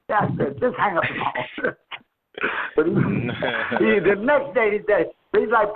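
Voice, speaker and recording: There's an unhurried quality to this high-voiced man's speech, and his intonation is lively. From a friend's house, he hosts a casual chat over the phone, laughing often through loose, profane stories, and the tinny line carries faint noise.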